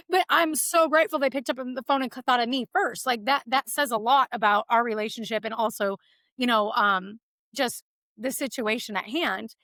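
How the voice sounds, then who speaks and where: A woman's voice: a little high, a little fast, a bit bright, no echo. A woman with a Texan accent, a real estate agent being interviewed, talking casually and enthusiastically with many fillers.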